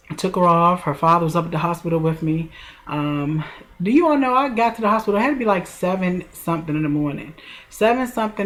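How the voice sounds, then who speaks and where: A woman in her forties telling a personal story in a casual vlog, chatty and talking straight to her viewers. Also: lowish voice. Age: 40s. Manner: chatty, addresses viewers directly, drawn-out emotional retelling. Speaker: vlogger.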